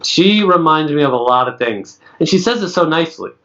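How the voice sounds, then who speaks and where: Late 30s guy on a podcast, kinda high voice, chatty storyteller, muffled lo-fi sound. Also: lively intonation, fairly quick, a bit bright. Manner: chatty storyteller, acts out other people's lines. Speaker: podcast co-host. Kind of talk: casual podcast chat. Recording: dull lo-fi sound.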